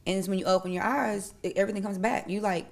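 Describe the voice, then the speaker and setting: A woman's voice: mid-range voice, quick pace, vocal fry. A young adult woman, a podcast guest, candidly retelling personal events in casual conversation and acting out what people said. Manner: candid, animated retelling with acted-out quotes.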